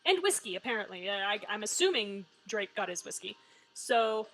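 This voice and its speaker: A woman's voice: medium pitch, very animated, normal speed, a bit bright, soft background music, rough recording. A woman live-streaming a story game, giving wry, joking commentary and swearing freely. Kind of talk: casual live-stream commentary, reading game lines aloud.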